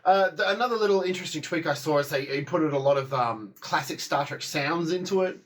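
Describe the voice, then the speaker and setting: A man's voice: a little high, brisk. A man giving a casual spoken review of a TV episode, rambling, with many fillers and restarts.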